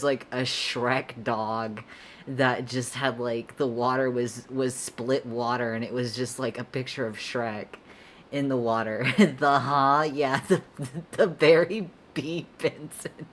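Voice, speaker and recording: A woman's voice: extremely low pitch, level tone, slow pace, slight background noise. A young woman casually chatting with her stream while drawing, rambling and laid-back, often breaking into giggles. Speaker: artist streamer answering chat.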